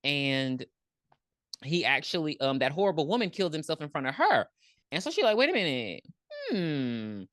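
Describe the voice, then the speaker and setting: A woman's voice: low voice, moderate pace, dry recording, studio quality. A woman co-hosting a podcast, recapping a movie in casual chat and acting out the characters with lots of ums. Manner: animated storytelling, acts out characters, frequent ums. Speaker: podcast co-host.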